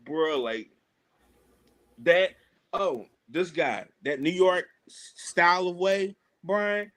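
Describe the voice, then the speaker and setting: A man's voice: high voice, takes it slowly. A man, a wrestler and podcast guest, telling stories in a loose, slangy way and mimicking the people in them. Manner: animated, imitates people in his stories; loose, slangy, many fillers. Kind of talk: casual storytelling.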